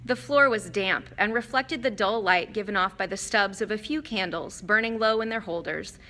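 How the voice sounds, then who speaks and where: In a mid-range voice, a woman delivers scripted narration for an audiobook, with a measured and expressive storytelling style.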